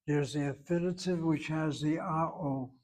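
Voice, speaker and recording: Man, Hebrew teacher, grammar lesson, patient explanations, slightly high voice. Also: normal speed, darkish tone. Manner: patient, explanatory, stresses pronunciation.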